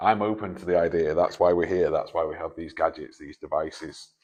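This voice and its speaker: A deep-voiced man, talking fairly quickly with a slightly mellow tone and no room sound, hosts a canal-tunnel ghost hunt at night. The paranormal investigator keeps it casual, joking, swearing freely and calling out to a spirit.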